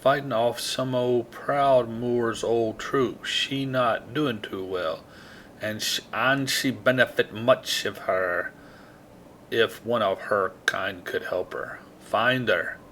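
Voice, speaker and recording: A man putting on a clumsy Jamaican accent to read a troll quest giver's lines slowly and haltingly. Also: mid-range voice, a bit bright, a little hiss or hum. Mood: pleading. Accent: put-on Jamaican. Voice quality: slow, halting reading.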